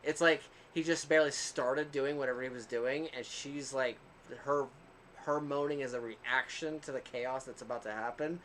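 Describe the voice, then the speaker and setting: A man's voice: mid-range voice, steady tone, normal speed. Chill guy rambling through a funny story on a podcast, laughs a lot, faint background hum. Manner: self-described quieter one. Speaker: podcast co-host. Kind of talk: casual storytelling chat.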